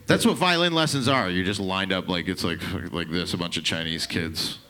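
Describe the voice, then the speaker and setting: A man's voice: low voice, moderate pace, pushed and bright. A young man doing a stand-up set on a club stage with a handheld mic. He talks loose and profane, riffs with the crowd, and slips into mocking voices. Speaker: stand-up comedian.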